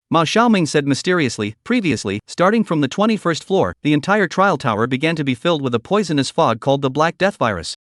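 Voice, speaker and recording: A man narrating a scripted story recap in a steady, even reading voice. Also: on the high side, fast, hardly any pauses, no echo, clean studio sound.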